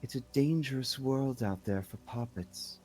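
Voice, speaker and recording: A man voicing an eerie young woman who talks in soft, cryptic, dreamy lines. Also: medium pitch, unhurried, breathy edge, soft background music.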